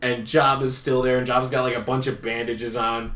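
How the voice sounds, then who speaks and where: Bright-voiced animated male storyteller. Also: mid-range voice, fairly quick. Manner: animated, laughing, swearing. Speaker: podcast co-host. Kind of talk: casual storytelling. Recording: echoey room.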